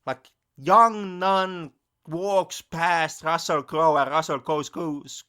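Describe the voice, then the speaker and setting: A man co-hosting a podcast, chatting casually about films in an animated, sarcastic, mocking way. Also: fairly high pitch, slow pace, clear, resonant tone. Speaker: podcast co-host. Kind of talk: casual film-review chat.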